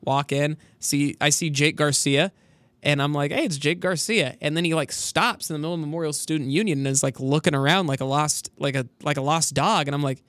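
A man's voice: on the high side, a little fast, a bit bright, no room sound. A young man co-hosting a college sports radio show in casual chat, rambling through stories with lots of fillers. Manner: rambling storyteller, full of fillers.

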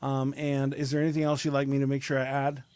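A man's voice: mid-range voice, completely flat delivery, fast talker, no echo. A man hosting and producing his own show, chatting casually with a self-deprecating, joking manner. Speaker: podcast host and producer. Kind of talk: casual chat. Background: loud music beat.

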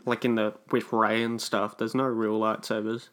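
A man's voice: on the low side, little pitch movement, normal speed, fairly bright tone. A young man chatting casually and joking while watching a film.

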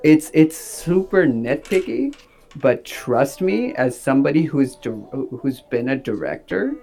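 A man who is an actor and director, talking in a rambling, animated way with many fillers. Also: a little high, a little slow, vocal fry, soft background music. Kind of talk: casual interview talk.

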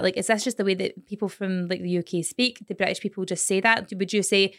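A woman's voice: medium pitch, fairly even intonation, fast, few pauses, fairly bright tone, dry recording, studio quality. A Scottish woman, a mother, co-hosting a podcast in casual chat, blunt and swearing freely as she tells stories. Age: adult with children. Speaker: podcast co-host.

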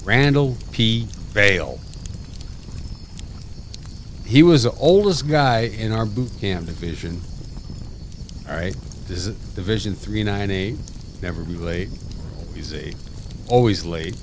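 A man in his forties telling an animated, profane story in casual chat. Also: low-pitched, takes it slowly, long pauses, background noise.

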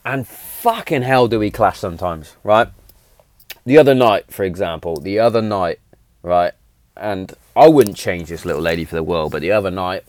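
A man's voice: deep voice, brisk, a little mellow, no echo. A man, telling stories in a blunt, chatty way, often repeating himself and swearing. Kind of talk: casual storytelling monologue.

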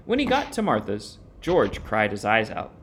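A man narrating a children's storybook in an expressive, sing-song read-aloud manner. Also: fairly low pitch, normal speed, husky.

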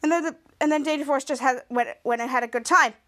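A woman's voice: high voice, steady tone, fast talker, fairly bright tone. A woman podcast host casually recapping a TV episode, rambling with frequent restarts.

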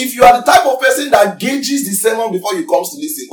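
A man's voice: high voice, lively intonation, brisk, few pauses, distant mic, soft background music. A man preaching a sermon emphatically, asking his congregation questions as he teaches. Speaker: pastor. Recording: echoey room, voice from off mic.

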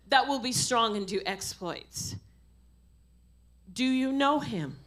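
A middle-aged woman preaching a sermon, impassioned, swinging from quiet asides to loud exhortation. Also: fairly high pitch, slow, long pauses. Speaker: pastor.

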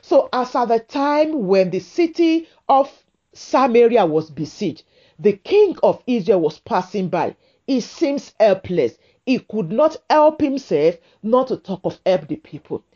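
A woman preaching a sermon to women, with a slow, emphatic, repetitive cadence. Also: fairly high pitch, very animated, mellow, lo-fi sound.

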